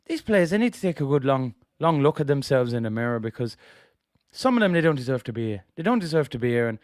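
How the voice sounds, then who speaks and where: A man's voice: medium pitch, sing-song, fast talker, no room sound, studio quality, close to an everyday voice. A man putting on a put-on Dublin Irish accent to voice a fiery, stern older Irish ex-footballer captain, scolding and proud.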